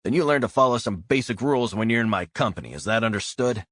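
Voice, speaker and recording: A man's voice: on the low side, lively intonation, quick pace, fairly bright tone, dry recording, voice pushed up. A man voicing a stern male bureau director who speaks curtly and with rigid authority. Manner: authoritative, curt, by-the-book.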